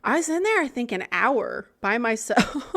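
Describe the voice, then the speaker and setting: A woman co-hosting a podcast in casual chat, candid and quick to laugh while telling stories. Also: a little high, big pitch swings, a bit bright. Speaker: podcast co-host.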